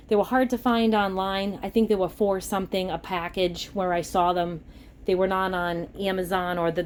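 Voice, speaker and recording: Mass accent lady, middle-aged, gabbing about her grocery haul, gets excited over cheap prices, a little bg noise. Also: medium pitch. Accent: Massachusetts. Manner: chatty, excitable about bargains. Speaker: vlogger. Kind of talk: casual grocery haul chat.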